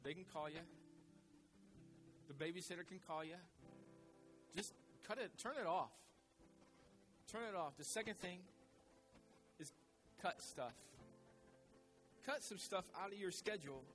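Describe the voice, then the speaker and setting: Male pastor, slightly high voice, casual repetitive sermon delivery, music playing underneath. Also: measured pace, pauses often, a bit bright. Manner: conversational preaching with repeated phrases.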